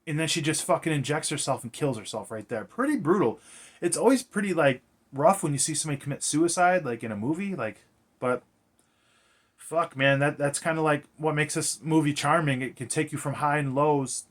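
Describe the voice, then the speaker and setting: A man recaps a film in loose, casual talk, sprinkling in swears and lots of filler words. His voice sits a little on the high side for a man. He rambles from scene to scene with easy enthusiasm. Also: expressive, brisk. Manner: rambling, profane, filler-heavy. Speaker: movie reviewer.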